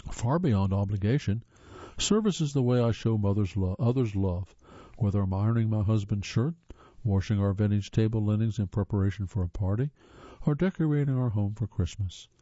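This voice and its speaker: A man reading audiobook narration in a steady, measured way. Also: fairly low pitch, no echo. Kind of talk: scripted narration. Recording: dull dry lo-fi audiobook.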